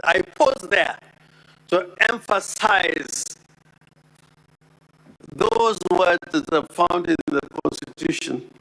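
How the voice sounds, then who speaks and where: A man making a formal legal argument before the Senate as counsel, deliberate and emphatic, repeating key words for weight. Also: high voice, gravelly, pushed and bright, low-quality recording. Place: Senate chamber.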